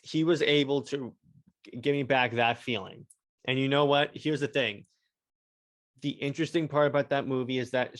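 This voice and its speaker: A young adult man hosting a solo podcast review, talking excitedly and rambling with many stammered restarts. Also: medium pitch. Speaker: podcast host.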